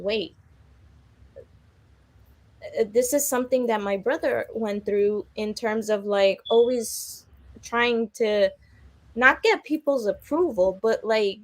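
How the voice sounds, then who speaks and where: Slow, thoughtful woman guest. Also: a little high. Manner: thoughtful, searching for words. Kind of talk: reflective interview answers.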